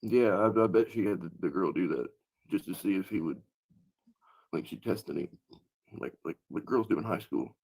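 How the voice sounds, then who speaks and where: Man, lowish voice, blunt, swears, stammers, casual stream chat. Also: animated, normal speed, gravelly, pauses often, a little mellow, husky. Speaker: livestream co-host.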